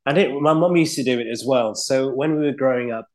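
A clergyman from Leeds with a Yorkshire accent, telling stories from his own life in a relaxed, reflective way with frequent pauses. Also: mid-range voice. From Leeds, England. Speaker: guest, clergyman. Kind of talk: conversational storytelling.

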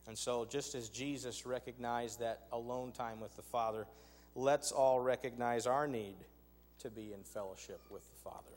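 A man's voice: mid-range voice, steady tone, moderate pace, darkish tone, slight background noise. A man preaching a sermon, conversational and emphatic, with rhetorical asides to his congregation. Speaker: pastor. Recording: long hall reverb.

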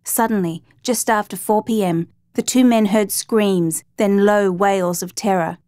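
Measured woman narrating a story. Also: mid-range voice, fairly even intonation, warm tone, no room sound. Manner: measured, dramatic reading.

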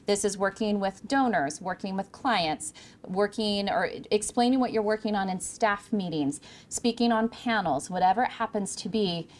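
A communication coach from California speaks to a live room of interns in an emphatic, clear presenter's voice. Her pitch sits in the middle of the range, and she varies her pacing, leaning on key words. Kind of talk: workshop talk to interns.

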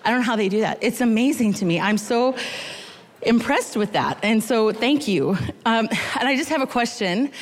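A woman in her thirties giving a storytelling sermon, chatty and self-deprecating, slowing down to read scripture. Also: on the high side, in a large hall. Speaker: guest speaker.

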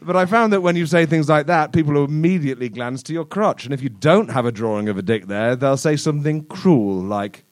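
A man telling a crude improvised story in a deadpan way at a live comedy show. His voice sits a bit high and sounds dry and close. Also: brisk, few pauses, dry recording. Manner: deadpan, crude, breaks into laughter.

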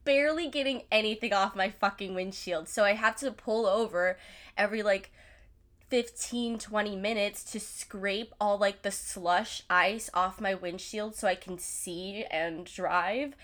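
A woman's voice: medium pitch, a little slow, fairly bright tone. A woman in her twenties telling stories to her viewers, chatty and profane, with "like" in nearly every sentence. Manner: chatty, swears a lot, filler "like" everywhere. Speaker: vlogger. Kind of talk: casual storytelling.

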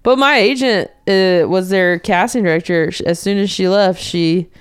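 A woman's voice: medium pitch, moderate pace, clean tone, no echo, studio quality. A woman in her thirties from North Carolina, a comedian guest talking casually on a podcast, chatty with lots of fillers and restarts. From North Carolina, USA. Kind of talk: casual conversation. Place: indoor home studio room.

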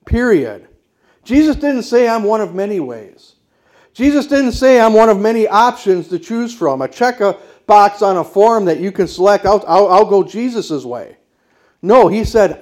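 High-voiced man preaching emphatically. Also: a little mellow. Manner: emphatic, declarative preaching with rhetorical questions. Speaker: pastor. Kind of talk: sermon.

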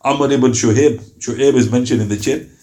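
A man's voice: medium pitch, steady tone, moderate pace, mellow, slight background noise. Storytelling male Islamic lecturer. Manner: storytelling with acted-out quotes. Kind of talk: religious lecture.

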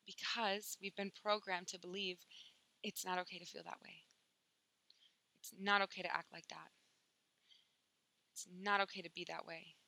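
Bright-voiced woman teaching spirituality. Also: on the low side, flat delivery, moderate pace, creaky, long pauses, low-quality recording. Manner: emphatic, swears casually, acts out inner voices.

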